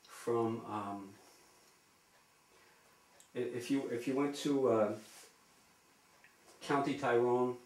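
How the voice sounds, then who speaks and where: A man interviewing, who asks his questions haltingly and repeats himself. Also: medium pitch. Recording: roomy room sound.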